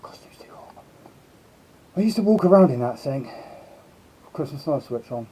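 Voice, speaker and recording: A man's voice: medium pitch, lively intonation, moderate pace, mellow, breathy edge. A man hosting a casual live stream, chatting and greeting his viewers one by one. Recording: slightly dull lo-fi sound.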